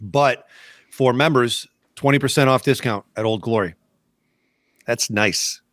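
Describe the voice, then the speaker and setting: A man co-hosting a fishing podcast, relaxed and matter-of-fact, with small restarts. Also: medium pitch, a little slow, no room sound, clean studio sound. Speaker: podcast co-host. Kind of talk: casual podcast chat.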